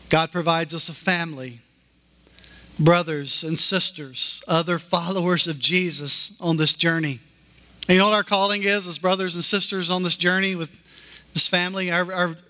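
A man preaching a sermon as pastor, with slow, emphatic repeated declarations that climb in pitch. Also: sharp tone.

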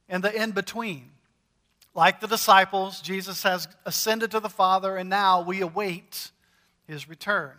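A man preaches a sermon in a slow, deliberate way, pausing to press on key words. His voice sits high and sounds bright. A long reverb trails each phrase, as in a large church hall. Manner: measured preaching with emphatic pauses on key words. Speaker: pastor.

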